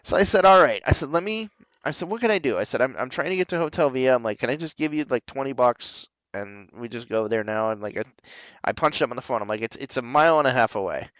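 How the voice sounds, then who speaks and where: A man chatting on a podcast, telling stories with a lot of swearing and quick voice switches for the people he quotes. His voice is smooth and clear, with a dry, close sound and no room echo. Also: medium pitch. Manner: profane, animated storyteller who acts out quoted people. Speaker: podcast host. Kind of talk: casual podcast chat.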